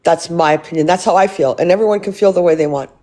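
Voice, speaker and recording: A woman's voice: lowish voice, quick pace, dark tone. Woman livestream host, angry rant, blunt, lots of swearing, repeats herself, phone mic.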